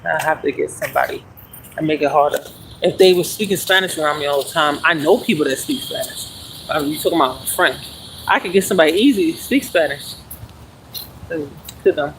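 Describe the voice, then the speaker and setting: A livestreamer in their forties rambles loosely and unhurriedly, drifting between thoughts while walking and exercising outdoors with a phone. The mid-range voice is a bit bright, the audio poor, with a faint bed of noise underneath.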